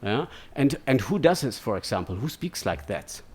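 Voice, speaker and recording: A man's voice: medium pitch, sing-song, moderate pace, a little hiss or hum. A man giving an academic lecture in a digressive way, checking in with "yeah?" and "no?" as he goes. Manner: digressive, keeps asking "yeah?" and "no?".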